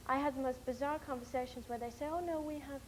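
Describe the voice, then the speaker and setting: Young woman, lively rambling chat, bit high-pitched, faint hiss behind. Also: fast, rough recording. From United States. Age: young adult. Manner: animated, rambling storyteller with many fillers. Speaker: interviewee, documentary film-maker. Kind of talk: casual chat.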